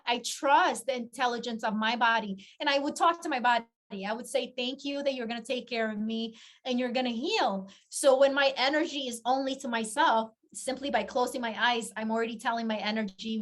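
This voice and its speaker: Earnest, high-voiced woman coach. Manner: earnest, heartfelt and reflective. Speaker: confidence coach. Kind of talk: casual podcast interview.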